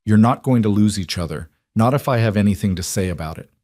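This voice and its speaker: A stubborn, caring frontier woman who talks firm but gentle, as a male narrator puts her on. She sounds in his own fairly low voice, with a close, dry storybook sound. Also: quick pace, no room sound, natural voice. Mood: determined.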